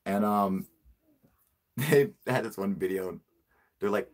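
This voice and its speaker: A male channel host in casual livestream chat, a profane, excitable storyteller who laughs a lot. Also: deep voice, measured pace.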